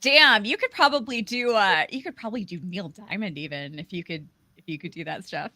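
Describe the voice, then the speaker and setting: A woman's voice: medium pitch, brisk, heavy background noise. A woman hosting a live aftershow stream, chatting casually with many fillers. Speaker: livestream host.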